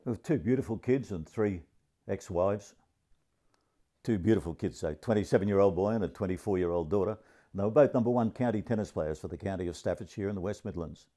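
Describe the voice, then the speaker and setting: A man in his seventies with an Australian accent, telling a crude, grumpy stand-up comedy story in a deadpan way. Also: deep voice, a little fast. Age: 70s.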